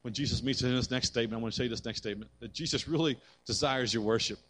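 A man preaching a sermon to women, reading scripture aloud and swinging between loud emphasis and quiet asides. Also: medium pitch, rapid-fire. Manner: addresses the women in the audience directly; reads scripture aloud and comments on it.

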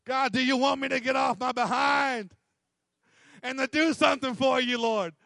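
A man's voice: very high-pitched, steady tone, moderate pace, creaky, sharp tone, no room sound, studio quality. A man preaching a sermon, emphatic and repetitive, acting out little quotes. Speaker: pastor.

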